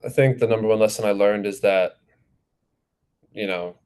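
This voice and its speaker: A teenage man from New Jersey talks casually through an interview, circling his answers with fillers. His voice sits low and barely moves in pitch. The tone comes through smooth and clear. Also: normal speed. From New Jersey, USA. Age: teens. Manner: relaxed, rambling with many fillers. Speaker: goalkeeper guest.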